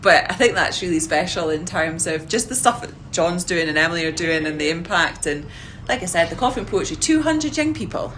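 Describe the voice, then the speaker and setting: A woman's voice: lowish voice, lively intonation, fairly quick, hardly any pauses, fairly bright tone, slight background noise. A woman with a Scottish accent in a casual group reflection, chatty and full of "you know". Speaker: community learning worker.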